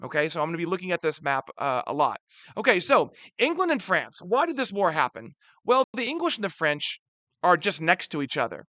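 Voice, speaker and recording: A lively male history teacher talking through a map lesson with a high, bright, very animated voice. He keeps checking in with his listeners and punches key words. The sound is dry and close. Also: a little fast, dry recording. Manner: chatty, asks rhetorical questions and checks in with "right?". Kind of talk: recorded lecture over a map.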